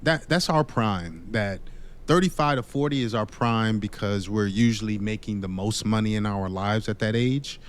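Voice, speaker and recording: A man delivering a measured, lecturing monologue about dating, with occasional fillers. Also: on the low side, slight background noise.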